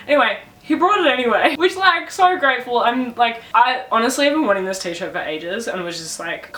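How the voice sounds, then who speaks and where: In her bedroom, a young Australian woman vlogs casually, telling a story with plenty of laughter, emotion and the odd swear word. She sounds slightly high-pitched, pushed and bright. The camera sits back from her, so the audio is distant and echoey.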